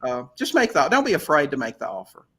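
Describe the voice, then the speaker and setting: Chatty, somewhat high-voiced man telling stories. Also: fast, breathy edge. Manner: chatty, animated anecdote-teller with frequent restarts. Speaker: guest real estate investor. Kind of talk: casual storytelling in a podcast interview.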